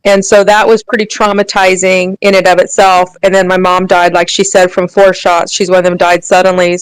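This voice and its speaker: Woman, guest in live audio chat, earnest, indignant, smooth resonant voice. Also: lowish voice, little pitch movement, moderate pace, no room sound, low-quality recording. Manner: earnest and indignant, many fillers. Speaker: guest speaker. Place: remote live audio room.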